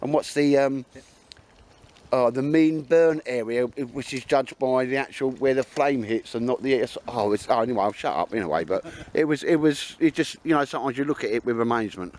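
A man's voice: medium pitch, moderate pace, a little mellow. A middle-aged man chatting casually to camera outdoors in the woods, rambling and laughing at his own stories. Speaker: vlogger. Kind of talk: casual outdoor vlog chat.

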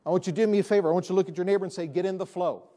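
A pastor preaches to his church in a high-pitched man's voice. He presses his points hard and repeats his key lines for emphasis. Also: fairly even intonation, very fast, mellow. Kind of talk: sermon. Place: church sanctuary.

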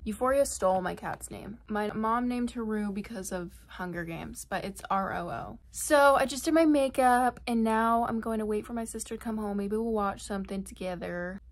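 A woman's voice: mid-range voice, moderate pace, few pauses. Teen girl vlogger, put-on Southern country accent, rambling casual chat, self-deprecating. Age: teens. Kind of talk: casual vlog while doing makeup.

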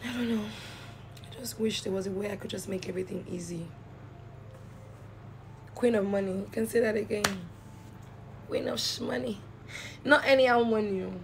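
Woman, tired croaky voice, slow playful drawl, late-night live stream chat, faint background hum. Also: mid-range voice, a bit bright. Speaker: livestreamer reading comments.

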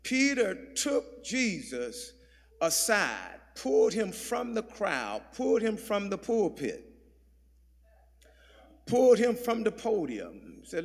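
Male pastor, high voice, sermon with call-and-response, reverberant sanctuary. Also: wildly swooping pitch, slow pace, slightly rough. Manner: preaching with call-and-response, shouting and dropping to murmurs. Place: large church sanctuary. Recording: long hall reverb.

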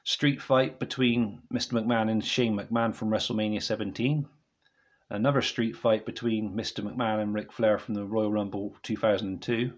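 A man's voice: fairly low pitch, fairly even intonation, normal speed, highs cut off. A man casually reviewing a wrestling DVD set to camera at home, rambling and often apologising to viewers. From United Kingdom.

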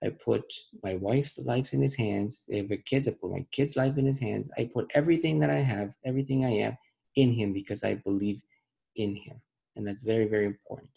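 A middle-aged man teaching a children's Bible lesson in an earnest way, repeating phrases and reading verses slowly. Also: on the low side, vocal fry, mellow, rough recording. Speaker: Sunday school teacher.

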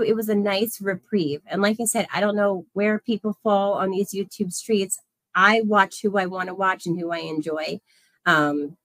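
A woman's voice: lowish voice, dry recording. A woman in her thirties hosting a casual livestream, effusively thanking viewers by name. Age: 30s. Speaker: livestream host.

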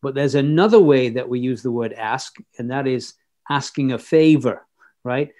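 A man's voice: mid-range voice, normal speed, darkish tone. A man teaching a Bible passage verse by verse, reading scripture aloud and explaining it in a conversational way with fillers and restarts.

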